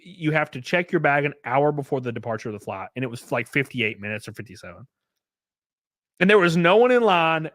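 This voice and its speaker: A man's voice: medium pitch, a bit bright, dry recording, studio quality. A man casually telling stories on his livestream, laid back and swearing freely. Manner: profane, laid-back storytelling. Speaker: streamer.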